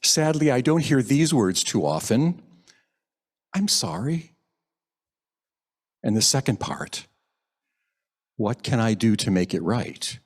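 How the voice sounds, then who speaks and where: A man preaching a sermon at a church service, gentle and reflective, lingering over quoted phrases. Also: mid-range voice, animated, slow pace, long pauses. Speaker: minister. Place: church sanctuary.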